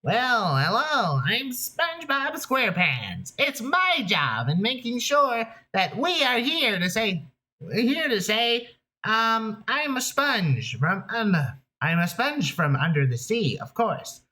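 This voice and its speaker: A man voicing a wacky cartoon sea sponge, with a high, nasal, excitable voice that swoops and rambles. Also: slow, exaggerated voice. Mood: giddy.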